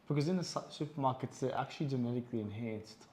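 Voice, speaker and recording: Animated man chatting on a podcast. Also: mid-range voice, fast, a little hiss or hum. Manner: animated storyteller, acts out quotes. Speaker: podcast co-host. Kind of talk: casual chat.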